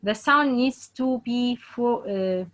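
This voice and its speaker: A woman teaching Quran recitation rules in a halting way, with many fillers and restarts, slowly modelling example words again and again. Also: a little high, low-quality recording. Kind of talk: online tajweed lesson.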